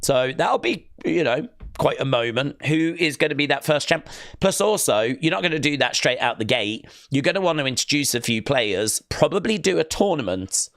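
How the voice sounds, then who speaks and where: A man's voice: medium pitch, lively intonation, moderate pace, a bit bright, dry recording, clean studio sound. Chatty man hosting a live stream. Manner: chatty, reads viewer comments aloud. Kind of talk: casual watch-along chat.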